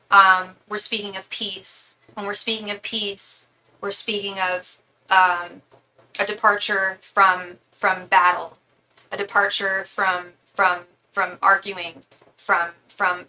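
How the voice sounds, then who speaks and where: A woman's voice: medium pitch, sharp tone, slight background noise, low-quality recording. A woman giving a live tarot reading, emotional and close to tears, often repeating and restarting her words. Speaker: tarot reader.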